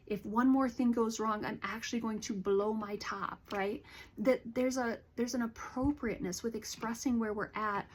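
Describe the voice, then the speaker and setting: A woman counselor giving a calm, earnest educational talk to camera, explaining things gently. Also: a little high, breathy edge. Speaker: licensed counselor.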